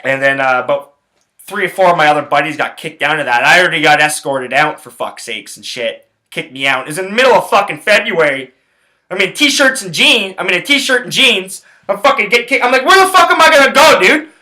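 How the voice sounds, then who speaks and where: A young man from Canada, host of his own show, rambles through a story and swears in nearly every line. His voice sits a little high and sounds bright and forceful. He talks casually, restarts his sentences and jumps back and forth, getting loud and animated as he tells it. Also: brisk. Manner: profane, rambling, animated retelling. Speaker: podcast host.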